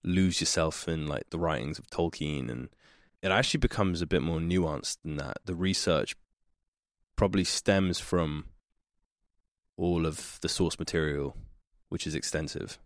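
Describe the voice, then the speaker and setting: Young male actor guest, deep, dry close mic, reflective and loose. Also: unhurried, no echo. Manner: reflective, trails off, laughs easily. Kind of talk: casual podcast conversation.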